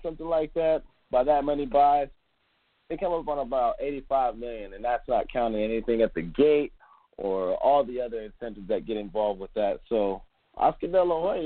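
A man's voice: mid-range voice, dry recording. A man hosting a casual sports podcast, rambling and loose, with some swearing. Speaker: podcast host. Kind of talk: casual chat. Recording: dry, phone-like line.

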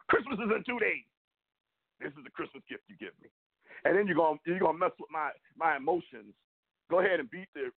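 A man hosting a sports show, ranting in frustration, emphatic and rambling, often repeating himself. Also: a little high. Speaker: sports podcast host. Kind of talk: heated sports rant. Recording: phone-like narrow audio.

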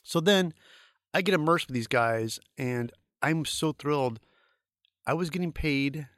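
A middle-aged man from St. Louis, a guest telling rambling, animated anecdotes full of fillers in a casual interview. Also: on the high side, a little slow, no room sound, studio quality. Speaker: guest, creature effects artist.

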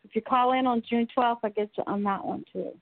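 A woman hosting a casual call-in chat, encouraging the guest with quick affirmations. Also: a little high, creaky. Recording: phone line with crowd behind.

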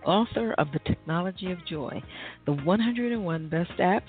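A woman's voice: on the low side, expressive, normal speed. Female talk-radio host, encouraging, thin phone-line sound with faint music behind. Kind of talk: radio talk show hosting.

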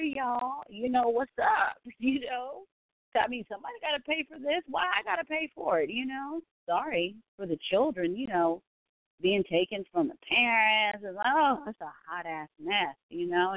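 A woman's voice: mid-range voice, no room sound. A woman hosting a casual live stream from home, chatty and blunt, laughing often and swearing freely as she reads viewer comments. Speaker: livestream host reading viewer comments. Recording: tinny phone-like, dry sound.

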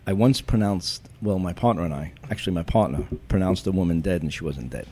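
A retired police chief spins deadpan anecdotes full of cop jargon in an interview. His voice sits very low, with a soft, mellow tone. A faint hum of background noise runs beneath him. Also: brisk. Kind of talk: storytelling in a podcast interview.

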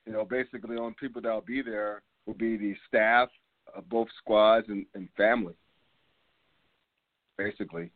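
A man's voice: on the low side, steady tone, moderate pace, pauses often, no room sound. A man in his fifties hosts a casual sports talk show, rambling from topic to topic with plenty of fillers. His voice comes through a tinny, phone-like line. The sound is dry and close, with no room around it. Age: 50s. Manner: loose and rambling, with many fillers and laughs. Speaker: podcast host.

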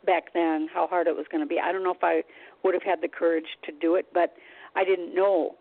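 A woman, telling her story in a casual interview, chatty and animated, with sighs and laughs. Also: lowish voice, normal speed, gravelly, no echo. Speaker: guest, psychic. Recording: tinny phone-like line, dry.

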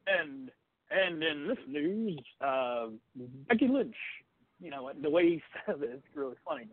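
High-voiced man on a dry phone line. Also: very animated, measured pace, gravelly, dry recording. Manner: rambling, easygoing. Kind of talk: casual chat.

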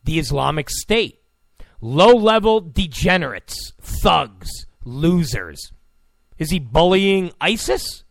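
A man's voice: on the high side, big pitch swings, slow, creaky, dry recording. A man hosting a talk radio show, ranting in a sarcastic, mocking, abrasive tone.

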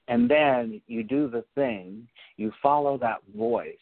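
Slow-talking man, tinny phone-like sound. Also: mid-range voice, huge pitch swings, creaky, dry recording. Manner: slow, deliberate, repeats phrases for emphasis. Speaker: spiritual teacher. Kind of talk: reflective teaching monologue. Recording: narrow phone-like sound, dry.

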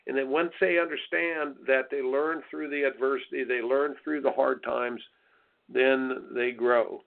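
An American tennis coach and radio host gives coaching advice over a tinny phone line. His mid-range male voice is creaky and fairly even in intonation, and he speaks unhurriedly. He's blunt, folksy and preachy, mocking soft attitudes in sing-song asides.

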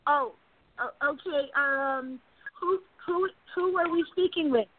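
High-pitched lady hosting a call-in, stumbly and friendly, thin phone sound. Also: slow pace, no echo. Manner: hesitant, repeats words, friendly. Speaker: host. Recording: tinny phone line.

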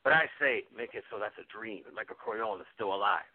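A man impersonating an excitable aging male movie star, with a husky voice that erupts into shouted exclamations. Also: on the low side, fast. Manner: bursts into sudden shouted exclamations. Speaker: guest impressionist. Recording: tinny phone line.

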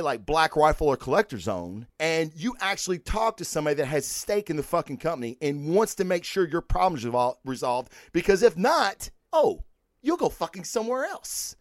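A man's voice: a little high, dry recording, studio quality. A man hosting a podcast, talking casually and profanely through sponsor plugs and giveaway news in emphatic bursts. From United States. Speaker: podcast host.

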